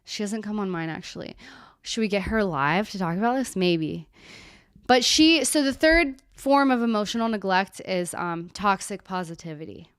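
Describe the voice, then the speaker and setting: Candid, smooth-voiced woman hosting a live Q&A. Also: medium pitch, normal speed, no room sound, clean studio sound. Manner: candid, animated, talks straight to viewers; swears casually. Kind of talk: casual live-stream talk.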